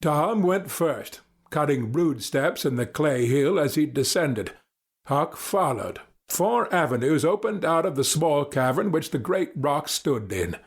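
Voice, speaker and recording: A man narrating a story in a steady, storybook manner. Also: fairly high pitch, measured pace, slightly rough. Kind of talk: scripted narration.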